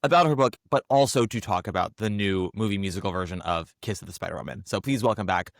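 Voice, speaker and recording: A man hosting a podcast, hoarse from laryngitis, chatting in a campy, teasing way. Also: low-pitched, no room sound, clean studio sound. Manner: campy, teasing, quick jokes. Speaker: podcast host. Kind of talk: casual chat.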